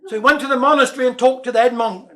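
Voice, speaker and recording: A man's voice: very high-pitched, steady tone, very fast, bright, forceful tone. A Cornish man performing dialect comic verse and jokes, chuckling through his own punchlines. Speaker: dialect comedian.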